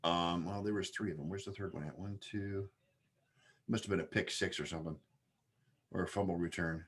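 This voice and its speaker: A man with a fairly low voice hosts a relaxed sports podcast. He works through scores and player numbers out loud, padding them with fillers and restarts as he goes. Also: brisk, husky. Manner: rattles off game stats with many fillers. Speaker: podcast host. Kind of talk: casual sports podcast chat.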